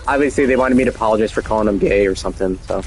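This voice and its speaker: A man's voice: lowish voice, very fast, faint music behind. A man talking casually in a boastful, rambling way, chuckling now and then as he goes. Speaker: show host. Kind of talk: casual monologue.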